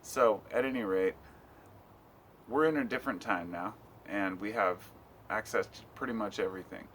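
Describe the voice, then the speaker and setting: A man's voice: on the low side, normal speed, a bit bright, slight background noise. A middle-aged American man talking at home in a loose, rambling vlog, swearing casually. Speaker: vlogger.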